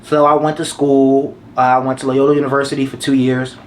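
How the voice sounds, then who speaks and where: A man's voice: medium pitch, little pitch movement, brisk, a little hiss or hum. A man in his twenties giving life advice to the camera in a casual, slangy way, repeating his points for emphasis. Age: 20s.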